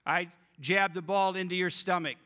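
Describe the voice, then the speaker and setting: A man's voice: sits high, steady tone, moderate pace, pushed and bright. A man voicing a stern older baseball manager who presses with emphatic, testing questions. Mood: challenging.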